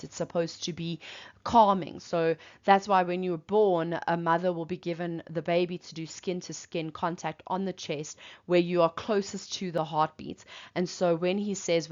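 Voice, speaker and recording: A woman's voice: lowish voice, steady tone, normal speed. A woman teacher talking through a poem line by line, reading quotes and then explaining them in a reflective, explanatory way. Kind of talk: poetry analysis lesson. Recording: dull lo-fi recording.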